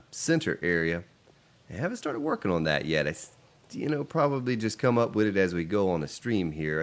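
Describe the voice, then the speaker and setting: A man casually commenting on his game during a live stream, chatting with viewers as he plays. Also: low-pitched. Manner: relaxed and chatty, reading out and answering viewer chat.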